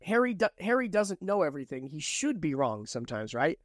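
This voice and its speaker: Man co-host, casual book chat, relaxed, chatty, dry close sound. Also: fairly high pitch, fairly quick, no echo. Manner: relaxed, chatty, laughs often. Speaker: podcast co-host.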